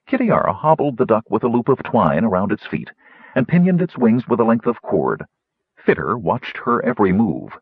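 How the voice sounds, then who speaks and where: A man reading a fantasy story aloud, narrating lively and putting on higher voices for the characters. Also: normal speed, husky, dry recording, highs cut off. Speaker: audiobook narrator.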